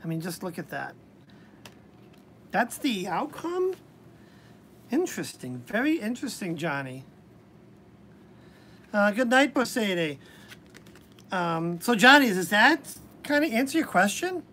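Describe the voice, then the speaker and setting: A woman's voice: mid-range voice, big pitch swings, measured pace, pauses often, fairly bright tone. A woman giving a casual live-stream tarot reading, chatty and hesitant, with frequent restarts. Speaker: tarot reader. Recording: faint background noise.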